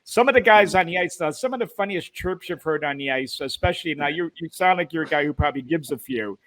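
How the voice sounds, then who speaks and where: A man's voice: on the high side, quick pace, a bit bright. A man co-hosting a podcast, casually interviewing a guest. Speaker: podcast co-host.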